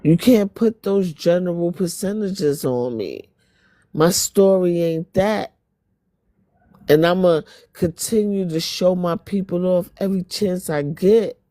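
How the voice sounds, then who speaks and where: Streamer, woman, New York accent, confrontational rant, mellow but strained voice. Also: deep voice, no room sound. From Spanish Harlem, New York. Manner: blunt, confrontational, profane. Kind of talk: heated monologue to viewers.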